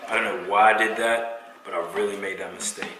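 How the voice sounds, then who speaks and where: Young male vlogger, slangy and rambling, recorded in an echoey kitchen with steady background noise. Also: fairly low pitch, fairly quick. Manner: slangy, rambling, talks to camera while cooking. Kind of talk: casual cooking vlog. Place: home kitchen.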